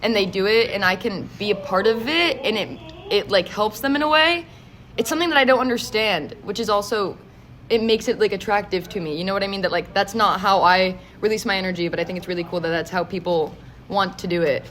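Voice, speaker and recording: A woman's voice: medium pitch, fairly quick, a bit bright. Woman, young, band member, rambling thoughtful chat, faint background noise. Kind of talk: casual interview chat. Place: pizza shop.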